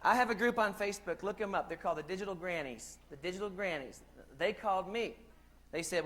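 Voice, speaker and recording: A man's voice: high voice, quick pace, fairly bright tone. Jokey middle-aged man giving a keynote. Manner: joking, addresses audience directly. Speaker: keynote speaker. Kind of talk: humorous conference keynote. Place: large conference hall.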